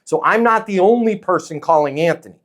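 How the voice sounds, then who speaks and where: A man coaching sales in a blunt, energetic way, often acting out phone calls and client replies. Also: sits high, a little fast. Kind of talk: live sales coaching talk.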